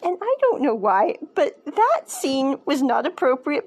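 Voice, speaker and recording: A woman's voice: sits high, big pitch swings, a little slow, few pauses, a little mellow. A woman chatting casually as a show reviewer, enthusiastic and prone to digressions.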